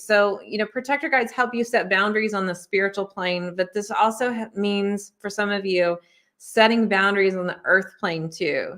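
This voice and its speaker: A woman's voice: medium pitch, a bit bright. A woman giving a casual oracle card reading to her viewers as an intuitive spiritual teacher, talking in a friendly, reassuring, chatty way with plenty of fillers.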